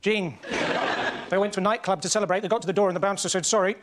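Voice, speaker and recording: A male comedian delivering deadpan one-liners on a panel show. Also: high voice, very fast, heavy background noise. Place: TV studio with audience. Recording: loud studio audience laughter.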